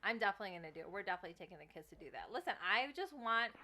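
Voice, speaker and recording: A woman co-hosting a podcast in casual chat, playful and quick to laugh, swearing freely. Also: medium pitch, expressive, crowd noise. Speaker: podcast co-host.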